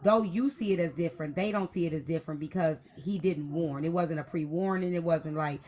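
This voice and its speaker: A woman's voice: low-pitched, a little fast, a little mellow. A woman hosting a live stream chat, talking things through in a casual, reasoning way. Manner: conversational, reasoning things out with fillers.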